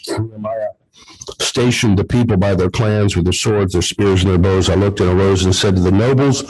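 A man's voice: low voice, normal speed, a little mellow, husky, poor audio. A man preaching a sermon to a group of men, emphatic and repetitive, speaking straight to his listeners. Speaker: pastor. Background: men's gathering.

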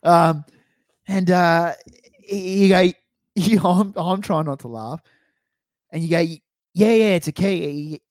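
A man's voice: on the high side, slow, long pauses, no echo, studio quality. A young Australian man telling a story in casual podcast chat, laughing and acting out quotes. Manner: animated, laughing storyteller who acts out quotes. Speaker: podcast co-host.

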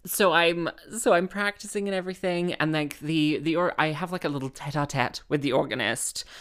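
A woman's voice: low-pitched, a little fast. A woman, a musician telling a rambling comic story, full of fillers and exasperation.

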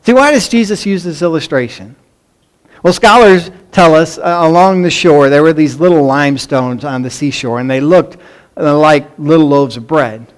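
Middle-aged male pastor with a high voice, animated sermon storytelling, imitates kids. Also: normal speed. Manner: animated storytelling, acts out pleading children in a raised voice.

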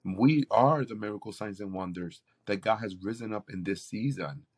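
A man's voice: on the low side, moderate pace, darkish tone, husky. A man, a campus pastor, telling a faith story in an interview with an earnest, preacherly delivery. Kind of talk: interview testimony.

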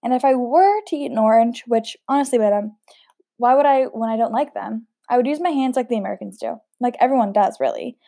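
A woman's voice: fairly high pitch, a little fast, creaky, warm tone, no echo, clean studio sound. A woman voicing a blunt, defiant young female student, speaking cheekily.

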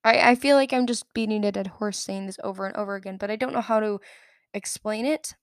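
A woman's voice: medium pitch, fairly quick, no echo, studio quality. A young adult woman hosting a solo podcast, telling a story in a chatty, opinionated way full of filler words. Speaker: podcast host. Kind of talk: casual solo podcast chat.

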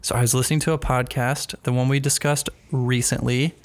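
Man with vocal fry, sarcastic podcast chat. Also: mid-range voice, fairly even intonation, fairly quick. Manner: rambling, self-mocking sarcasm. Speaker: podcast co-host. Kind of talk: casual chat.

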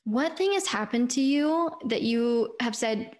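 A woman in her thirties hosts a faith podcast, telling personal stories in an earnest, chatty way and speaking straight to listeners, calling them "you guys." Her voice is on the high side, expressive and a little mellow, at a measured pace with few pauses.

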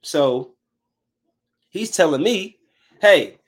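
High-voiced man, profane heated storyteller. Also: a little slow. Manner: profane, heated, animated retelling. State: angry while recounting. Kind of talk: casual storytelling rant to viewers.

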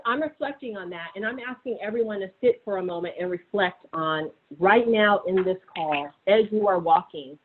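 An earnest woman speaks warmly to listeners on a call, urging them to reflect. The sound is narrow and muffled, like a phone line. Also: mid-range voice. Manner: earnest, encouraging. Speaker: co-host.

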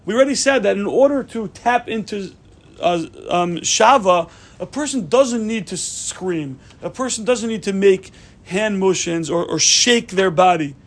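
A man giving a Torah class, telling stories in an animated way and mixing Hebrew terms into his English. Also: high-pitched, unhurried. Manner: animated storytelling, many restarts, mixes Hebrew terms into English. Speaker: Torah teacher.

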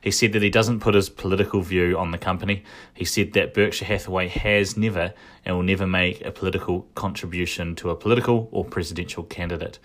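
Deep-voiced man giving casual commentary. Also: steady tone, fast talker, a bit bright. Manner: thinking aloud, frequent restarts and asides. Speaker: commentator recapping a shareholder meeting.

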